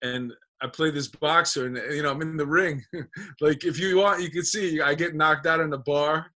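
A man tells a long, profane story from his acting life, stumbling and circling back as he goes. His voice sits a little above the usual male range. It is relaxed podcast banter. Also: fairly high pitch, moderate pace. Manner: rambling, profane, animated anecdotes. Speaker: podcast guest, actor. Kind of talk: casual chat, storytelling.

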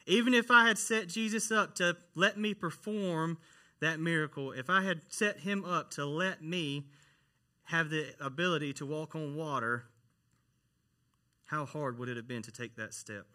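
A man's voice: a little high, measured pace, bright, forceful tone. A man, a church worship minister, preaching a conversational sermon and often asking the congregation questions.

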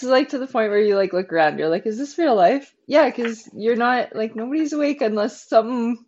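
A woman firefighter recounts a night call in casual podcast chat, lively and loose, with plenty of "like"s. Her voice is mid-pitched. The audio is a bit dull and lo-fi. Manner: lively storytelling with many "like"s.

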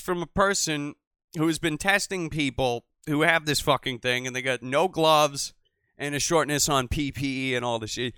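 A man hosting a call-in show, rambling and swearing, swinging from mutters to loud outbursts. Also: fairly high pitch, moderate pace, clean tone, no room sound, clean studio sound. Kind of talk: profane casual call-in show.

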